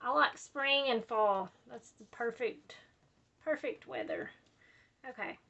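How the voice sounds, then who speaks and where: Slow, bright-voiced woman rambling. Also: a little high, dull audio. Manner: chatty, drawling, says y'all and like a lot. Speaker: scrapbooking video host. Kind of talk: rambling casual chat while crafting.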